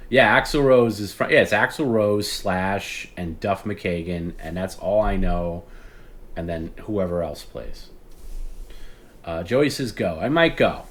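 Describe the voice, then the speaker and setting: A man's voice: low voice, expressive, a little slow, fairly bright tone. A man hosting a livestream, telling a rambling story in casual chat, acting out phone calls and swearing often. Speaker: podcast host.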